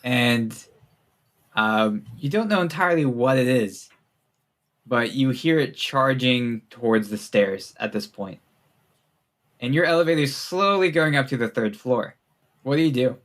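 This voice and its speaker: A man's voice: medium pitch, a little slow, pauses often, fairly bright tone. A young man narrating as game master in a casual, laughing way, with many fillers.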